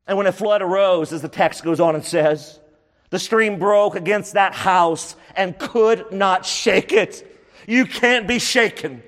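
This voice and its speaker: A man's voice: high-pitched, a little slow, a bit bright, in a large hall. A man preaching a sermon, emphatic and full of rhetorical questions, repeating phrases for stress.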